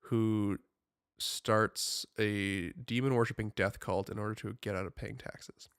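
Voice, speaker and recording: A young man co-hosting a podcast in casual chat, rambling and animated with lots of filler words. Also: fairly low pitch, a little slow, smooth, no room sound, studio quality. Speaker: podcast co-host.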